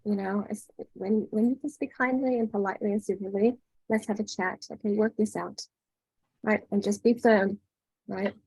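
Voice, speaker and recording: Husky-voiced woman coaching gently. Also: mid-range voice, fairly even intonation, moderate pace, no room sound, poor audio. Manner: gentle advice-giving, often tags "right?". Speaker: workshop leader and spiritual coach. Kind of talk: online workshop coaching. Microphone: video call.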